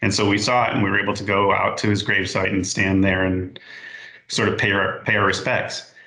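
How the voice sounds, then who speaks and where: A man in his forties, a podcast guest, telling a story in a halting, unhurried way and stopping to correct himself. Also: lowish voice, flat delivery, sharp tone, reverberant, rough recording. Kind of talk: casual storytelling.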